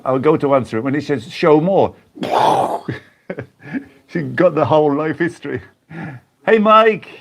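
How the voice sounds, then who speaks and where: English guy doing his sunday live chat, slightly high voice, chatty, laughs a lot. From England. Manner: chatty, laughs often, greets viewers by name. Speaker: YouTube host reading live chat. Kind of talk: casual live-stream chat.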